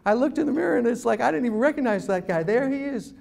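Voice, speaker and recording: A middle-aged man giving an animated, self-deprecating humorous talk as a guest speaker. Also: very high-pitched, fast, creaky. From New York City. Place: event room.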